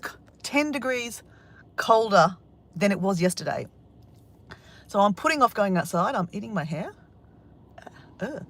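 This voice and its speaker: An Australian woman chatting excitedly in a casual vlog, swearing now and then, outdoors by the ocean on a windy day. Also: fairly high pitch. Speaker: vlogger.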